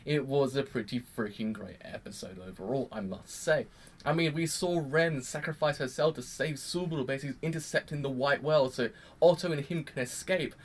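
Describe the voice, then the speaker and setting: A man giving a casual, excitable anime episode review, rambling and exclaiming with many restarts. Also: mid-range voice, fairly quick.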